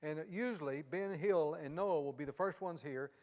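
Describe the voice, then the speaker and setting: A man's voice: fairly high pitch, normal speed, a little mellow. A middle-aged man, a pastor, chatting casually and folksily in a Q&A, joking and often saying "man". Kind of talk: casual Q&A chat. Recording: long hall reverb.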